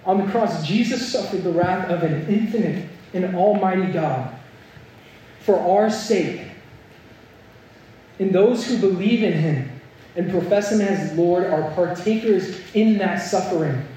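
The young man delivering this sermon has a high-sitting, dark-toned voice and a measured pace. He tells a story and builds to earnest, emphatic points, recorded from afar in an echoey hall with a bit of hiss or hum.

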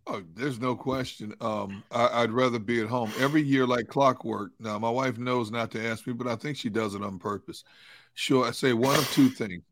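A male sports talk co-host in an easygoing, casual manner, pausing with ums and uhs. The sound is dry and close. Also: medium pitch, no room sound. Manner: relaxed, hesitant fillers.

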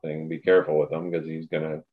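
A low-pitched man talks sports with friends, blunt and profane, in a relaxed podcast chat. His deep voice comes through a slightly dull, lo-fi recording. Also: fast. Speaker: podcast co-host.

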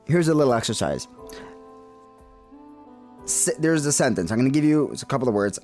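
A man teaching counseling skills in an instructional talk, earnest and emphatic, with pauses and fillers. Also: mid-range voice, sing-song, a little mellow, soft background music.

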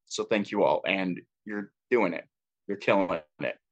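Man leading a support group, lowish voice, earnest heartfelt share over a video call. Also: unhurried, dull audio. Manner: earnest, heartfelt, filler-heavy with "like". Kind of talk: emotional personal sharing.

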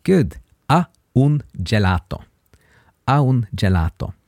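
Male podcast teacher, patient and slow with examples, animated pitch, dry sound. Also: gravelly, dry recording. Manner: patient, repeats words slowly for learners. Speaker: language teacher, podcast host. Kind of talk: casual podcast lesson.

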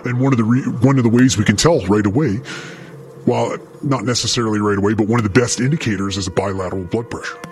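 A man, a paramedic, telling a story in an energetic, profane way and speaking straight to the listener. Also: lowish voice, fast talker, faint music behind. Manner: energetic, swears freely, addresses the listener directly.

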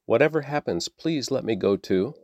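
A man's voice: lowish voice, unhurried, mellow, no echo, clean studio sound. A man reading the lines of an eager young male messenger, pleading and keen.

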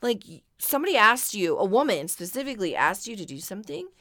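A woman co-hosting a podcast in casual chat, telling stories in an animated, profane way. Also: mid-range voice, quick pace. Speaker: podcast co-host.

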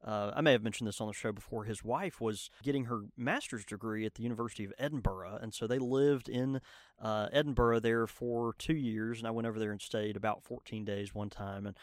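A man's voice: fairly low pitch, brisk, no echo, studio quality. A man co-hosting a podcast in casual chat. He is enthusiastic and full of fillers and restarts. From Southern United States. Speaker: podcast co-host.

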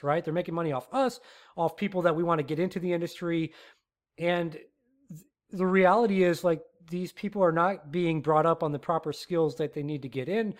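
A man with a somewhat higher voice hosts his own podcast in a solo rant. He talks in an animated, rambling way, circling back with frequent fillers and restarts. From Texas. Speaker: podcast host.

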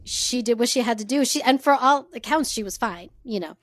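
A woman co-hosting a podcast, telling a story in relaxed casual chat with frequent fillers. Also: on the high side, fairly quick, no room sound, studio quality.

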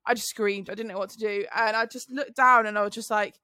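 A woman's voice: medium pitch, fairly even intonation, fast, bright, forceful tone, dry recording. A young woman telling a story on a podcast in casual chat, laughing often and acting out the voices of others. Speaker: podcast co-host.

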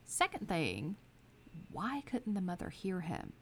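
A woman with a lower voice whose pitch swings widely as she talks, co-hosting a true-crime podcast. She tells the case in a casual, sarcastic, storytelling way and swears freely. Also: huge pitch swings, measured pace, breathy edge. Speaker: podcast co-host.

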